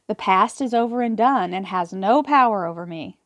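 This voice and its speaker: A woman's voice: medium pitch, animated, moderate pace, no echo. A woman reading tarot affirmations and explaining them in an earnest, encouraging way, often repeating words as she talks. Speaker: tarot reader. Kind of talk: spiritual affirmation talk to camera.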